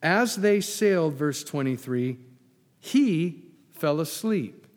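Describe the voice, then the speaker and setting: A man's voice: on the high side, animated, takes it slowly, in a large hall. A man preaching a sermon as pastor, emphatic, repeating key phrases and putting questions to the congregation.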